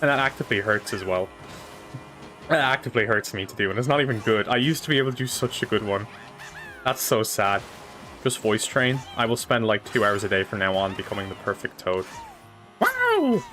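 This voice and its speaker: A man's voice: on the low side, a little fast, pushed and bright, soft background music. A young man chatting casually while playing a racing game live, rambling and swearing now and then, on a desk microphone. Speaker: streamer. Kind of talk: casual live gameplay chat.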